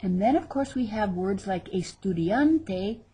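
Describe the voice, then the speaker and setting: A woman with a very husky, breathy voice leads a recorded vocabulary lesson. She speaks slowly and drills each word twice with exaggerated pronunciation, breaking in with chatty asides. Her pitch sits in the middle range for a woman. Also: expressive, mellow. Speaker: Spanish teacher.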